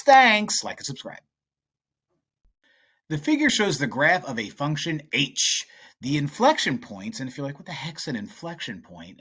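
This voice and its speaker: A man's voice: mid-range voice, a bit bright, husky. A man teaching math in a casual, chatty, playful way, talking through practice problems at a whiteboard.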